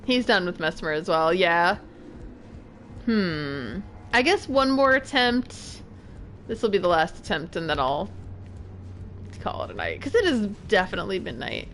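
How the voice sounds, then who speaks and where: A woman's voice: on the low side, big pitch swings, a little slow, pauses often, fairly bright tone, a little hiss or hum. A woman streamer chatting casually while playing a video game at home and talking to her cat. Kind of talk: casual gameplay commentary. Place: home room.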